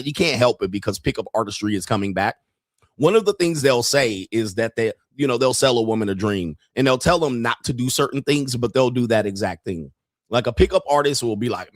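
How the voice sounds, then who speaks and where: A man's voice: medium pitch, lively intonation, brisk, no echo, clean studio sound. A man hosting a commentary show, reacting bluntly and mockingly with profanity and laughter. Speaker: podcast host.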